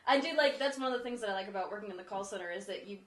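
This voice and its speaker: A woman co-hosting a casual chat, telling stories animatedly with quick asides. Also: mid-range voice. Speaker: co-host. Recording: roomy room echo.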